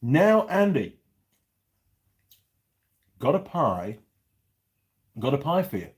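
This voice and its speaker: Lively chatty middle-aged man. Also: medium pitch, takes it slowly, long pauses. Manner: chatty, rambling, reads out viewer comments while eating. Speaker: channel host reviewing pies. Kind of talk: casual live-chat vlog.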